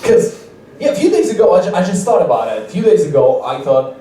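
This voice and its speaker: Young comic, high voice. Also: male voice, wildly swooping pitch, quick pace, warm tone. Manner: rambling, laughing often, frequent restarts. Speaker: stand-up comedian. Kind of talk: stand-up comedy storytelling. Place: open mic club. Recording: echoey room, mic far off.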